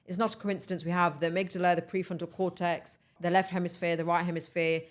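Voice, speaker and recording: A young woman hosting a podcast, chatting in an animated, enthusiastic way and urging her listeners on. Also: on the low side, fast. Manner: animated, enthusiastic, talks straight to listeners as "guys". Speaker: podcast host. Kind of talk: casual motivational chat.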